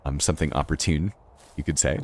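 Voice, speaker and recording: A man's voice: very deep voice, fairly even intonation, quick pace. A man from Boston with a Boston accent, chatting casually on a game live stream, rambling with lots of fillers and frequent laughs. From Boston, Massachusetts. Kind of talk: casual live-stream chat while playing.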